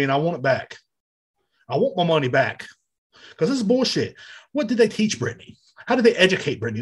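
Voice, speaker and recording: Profane, husky-voiced man ranting. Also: on the high side. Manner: loud, profane, exasperated ranting. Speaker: podcast host. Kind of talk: profane comedic rant. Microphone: podcast mic.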